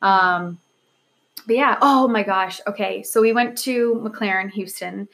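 A woman's voice: mid-range voice, measured pace, gravelly, fairly bright tone. A woman in her thirties chatting casually as a co-host, telling stories animatedly and acting out quoted dialogue. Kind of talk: casual chat.

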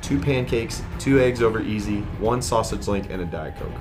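A man's voice: lowish voice, animated, moderate pace, over music. A man co-hosting a casual podcast, playfully reading out game scenarios with dramatic flair. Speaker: podcast co-host.

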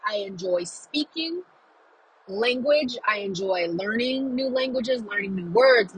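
A woman's voice: fairly high pitch, sharp tone, a little hiss or hum, rough recording. A young woman talking casually about books on her podcast, chatty and effusive, with asides and fillers. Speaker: book podcaster. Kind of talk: casual chat.

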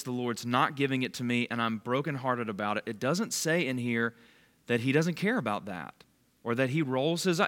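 Speaking in a fairly bright, medium-pitched voice, a bible study leader gives a relaxed sermon to a small group. He keeps it conversational and calls on listeners by name with questions.

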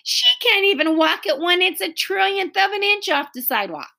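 A woman reading aloud and voicing a young boy who teases his friends in a high, excited voice. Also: moderate pace, creaky, exaggerated voice. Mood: teasing. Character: cheeky young boy, teasing then worried.

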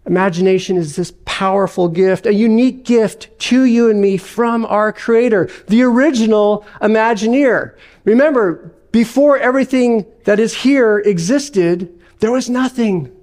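A man's voice: high-pitched, unhurried, a little mellow. A male pastor giving an earnest, reflective sermon with occasional fillers.

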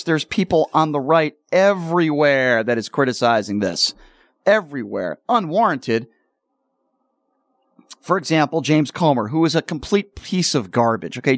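A man hosting a political talk radio show, speaking combatively and slowing down to stress his points. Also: medium pitch, dry recording, studio quality. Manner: combative, slows down for emphasis.

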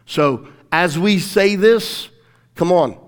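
A man with a high, clear, resonant voice preaches slowly and with animation. As a pastor delivering a fervent sermon, he swings between loud declarations and quieter teaching, leading his congregation in phrases they repeat after him.

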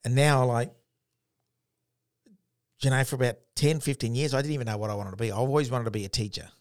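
A man's voice: medium pitch, quick pace, no room sound, clean studio sound. An Australian man, a former education worker, telling stories in a casual, plain-spoken way with frequent restarts. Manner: plain-spoken, animated storyteller with many restarts. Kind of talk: casual storytelling chat.

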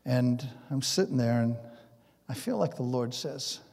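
A pastor preaching a sermon, acting out conversations and dropping to a hush at times, in a church sanctuary. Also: male voice, mid-range voice, normal speed, vocal fry. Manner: animated, acts out conversations, drops to a hush. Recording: long reverb in a big hall.

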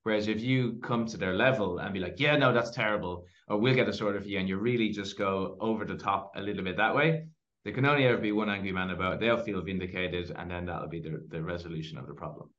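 Lower-voiced man telling animated stories. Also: quick pace, dull audio. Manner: animated storyteller, lots of fillers. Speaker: podcast guest. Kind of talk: casual interview storytelling.

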